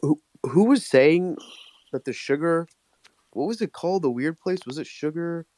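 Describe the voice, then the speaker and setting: A man chatting on a live audio call, excitable and slangy, swearing casually. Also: on the high side, normal speed. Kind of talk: casual chat.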